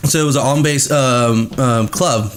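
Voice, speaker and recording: A man's voice: mid-range voice, a little slow, a little hiss or hum. Profane storytelling man. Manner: profane storytelling, acts out dialogue. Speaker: podcast guest. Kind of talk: casual chat.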